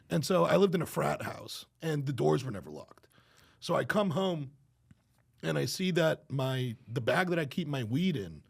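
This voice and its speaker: Gravelly-voiced man telling profane stories. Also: on the high side, normal speed. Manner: profane, animated storytelling with frequent laughter. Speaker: podcast guest. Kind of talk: casual chat.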